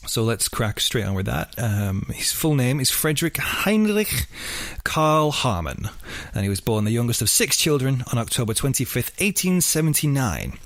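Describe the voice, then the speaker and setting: A young man tells a story in a loose, chatty way, full of "um"s and side jokes. His voice sits at a middle pitch, and it is recorded dry with almost no room sound. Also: very animated, moderate pace, fairly bright tone, dry recording. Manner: chatty, rambling, jokey, lots of fillers. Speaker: podcast co-host. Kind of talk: casual true-crime podcast chat.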